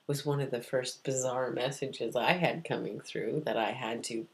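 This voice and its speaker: A woman telling a personal story softly and often near a whisper, repeating her phrases. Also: very deep voice, big pitch swings, moderate pace, vocal fry, hardly any pauses. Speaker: psychic medium.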